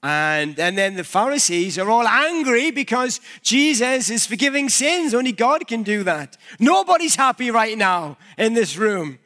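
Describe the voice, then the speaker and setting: A man's voice: very high-pitched, very animated, unhurried, few pauses, bright, forceful tone. A male pastor giving a conversational sermon in a church, using props and everyday examples.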